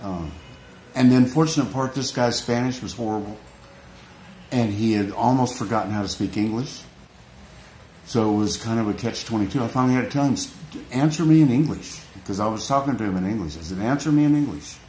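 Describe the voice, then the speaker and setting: A man's voice: fairly low pitch, brisk, a little mellow. Earnest man rambling in an echoey room. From United States. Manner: earnest, rambling, with restarts and repeated phrases. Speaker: vlogger. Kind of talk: emotional unscripted vlog rant. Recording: echoey room, faint background noise.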